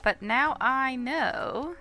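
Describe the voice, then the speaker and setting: A woman's voice: sits high, extremely slow, bright, forceful tone, faint music behind. A woman streamer chatting casually and reading game text aloud while playing, laughing often.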